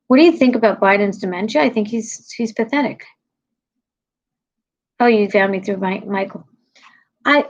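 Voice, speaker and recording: Woman comedian, husky low voice, blunt profane rant, tired, lo-fi stream sound. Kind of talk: casual rant to viewers.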